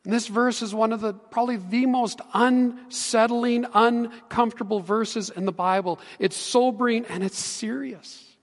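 A pastor preaching a sermon in an earnest way, building to emphatic peaks. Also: male voice, extremely high pitch, fairly even intonation, a little slow. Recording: long hall reverb.

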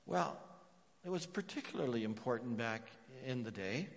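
A man preaches from the pulpit, his mid-range voice carrying a long reverb through the church hall. He presses points emphatically and then falls to hushed, repeated phrases. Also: mid-range voice, expressive, normal speed, vocal fry. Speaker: pastor. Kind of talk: sermon.

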